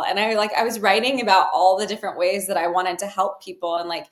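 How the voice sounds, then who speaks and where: A woman's voice: mid-range voice, fairly even intonation, fast talker, hardly any pauses. A woman telling her personal story in an interview, talking loosely with many fillers and restarts. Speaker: guest, healer. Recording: roomy echo.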